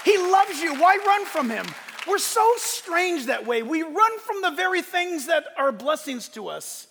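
A middle-aged male pastor delivers an impassioned sermon, his voice sitting unusually high with a bright, forceful edge. He swings from loud exclamations down to quiet, hushed storytelling. The sound carries a long reverb from a large hall. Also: big pitch swings, unhurried, some chatter behind.

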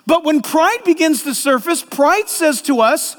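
A man preaching a sermon as a pastor, animated and acting out voices in the quotes. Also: very high-pitched, a little slow, in a large hall.

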